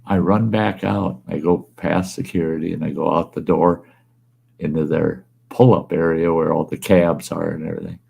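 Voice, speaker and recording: Gravelly low-voiced man telling a folksy story. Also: fairly even intonation, normal speed, darkish tone. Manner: folksy, rambling, plain-spoken. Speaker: storytelling show host. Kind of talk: casual spoken storytelling. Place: at home. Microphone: wearing earbuds.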